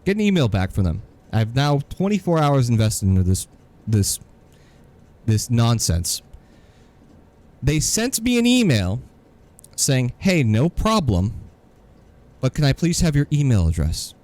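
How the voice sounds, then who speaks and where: Man, podcast co-host, sarcastic rant, lively swooping voice. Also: mid-range voice, measured pace, long pauses. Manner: exasperated storytelling, sarcastic. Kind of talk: casual ranting podcast chat.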